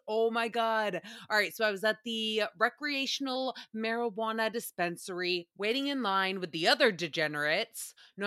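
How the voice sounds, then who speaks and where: A woman hosting a podcast, telling stories in a casual, animated way with plenty of swearing. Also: mid-range voice, no echo, clean studio sound. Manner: animated, profane storytelling. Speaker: podcast host.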